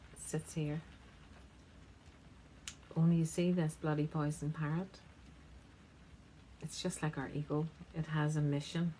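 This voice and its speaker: Addressing the viewer directly, a woman integrative therapist gives a self-help talk, chatty and emphatic with a gently teasing touch. Her voice sits low, and the rough recording carries slight background noise.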